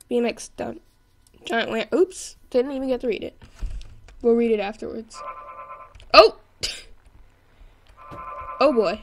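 Excitable young woman playing a game. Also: a little high. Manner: excitable, laughing, yelling at the game. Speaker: gameplay commentator. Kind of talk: let's play commentary.

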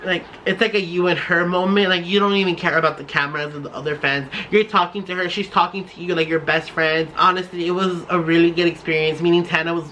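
A young man from the San Francisco Bay Area telling a storytime vlog, gushing and excitable, with lots of "like" fillers. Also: a little high, quick pace, few pauses, slight background noise. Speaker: vlogger.

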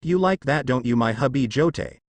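A man's voice: medium pitch, animated, normal speed, dry recording, lightly acted. A man voicing a cold, domineering young male ninja who growls and speaks darkly, in a fanfic audio story. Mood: cold menace.

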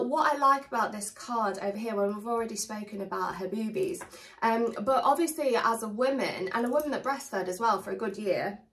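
A woman tarot reader chatting casually to her viewers, a little hoarse as she starts losing her voice. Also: medium pitch, recorded from a distance, low-quality recording. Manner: chatty, animated, warmly addresses viewers. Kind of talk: casual tarot reading to camera.

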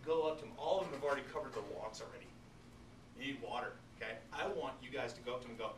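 A biology teacher lecturing his class, animated and joking, talking straight to his students. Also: mid-range voice, very fast. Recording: echoey classroom, distant mic, noisy.

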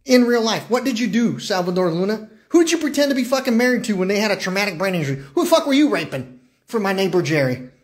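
A man's voice: high-pitched, big pitch swings, fast talker. A man on a livestream, ranting in an agitated, profane monologue, firing off repeated questions, stumbling over words and breaking into laughter. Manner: frequent bursts of laughter mid-rant. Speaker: live streamer.

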